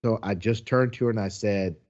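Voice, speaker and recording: A man's voice: fairly low pitch, fairly quick. Man telling a story, lo-fi. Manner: animated, acts out quotes. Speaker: podcast co-host. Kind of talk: casual storytelling.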